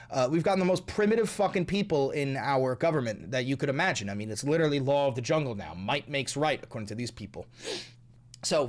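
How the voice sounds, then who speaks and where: A man hosting angry political commentary, talking in a heated, profane and sarcastic way. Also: mid-range voice.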